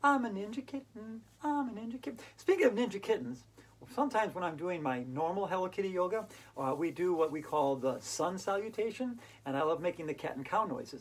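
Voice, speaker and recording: A woman's voice: fairly low pitch, fairly quick, slight background noise, low-quality recording. A woman leading a playful hula hoop yoga class for kids, talking in a silly, enthusiastic, sing-song way. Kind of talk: playful instructional talk for kids.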